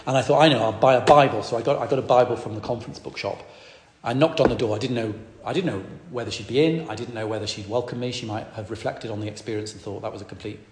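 A man preaching a sermon as a vicar, telling a story in a lively way and repeating phrases for emphasis. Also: medium pitch, quick pace. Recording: echoey hall, long reverb.

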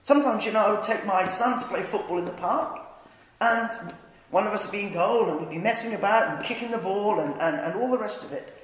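Brief: middle-aged male preacher, light voice, storytelling sermon, reverberant church hall. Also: a little fast. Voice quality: light voice that never deepened. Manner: anecdotal and self-deprecating, quiet and tender in the lines of Jesus. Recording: echoey hall, long reverb.

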